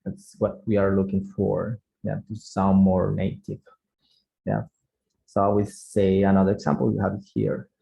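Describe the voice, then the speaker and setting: Male English teacher, slow-paced, somewhat low voice, patient explainer with second-language English. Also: flat delivery, vocal fry, dark tone, poor audio. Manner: unhurried, frequent "yeah?" checks, second-language English. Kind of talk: slow online grammar lesson.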